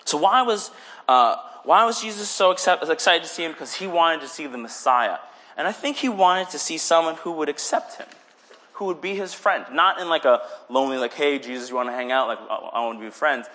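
A young man giving a casual sermon, animated, often acting out little voices for the people he talks about. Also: on the high side, fairly quick. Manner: animated, acts out voices in quotes. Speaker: preacher.

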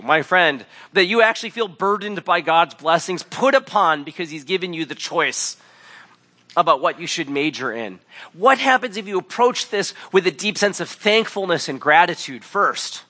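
Male pastor, 30s, bright higher voice, wry conversational sermon delivery. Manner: conversational, wry storytelling with acted quotes.

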